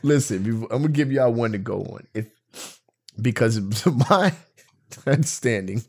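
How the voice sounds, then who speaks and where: A man's voice: mid-range voice, normal speed, gravelly, husky. A man co-hosting a casual chat, telling funny stories with lots of laughter. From Southern California. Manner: laughing storyteller, animated. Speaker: podcast co-host.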